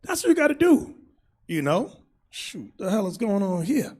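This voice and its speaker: A man preaching as a bishop, loud and crude, shouting and laughing as he mocks people in put-on voices. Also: high-pitched, very animated, moderate pace, breathy edge.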